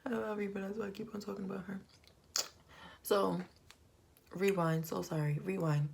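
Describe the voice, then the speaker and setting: A woman doing a casual, slangy recap of a reality TV episode, animated and chatty. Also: mid-range voice, normal speed, gravelly, a little hiss or hum. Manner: animated, slangy, shifting into loud quoted voices. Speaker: TV recap vlogger.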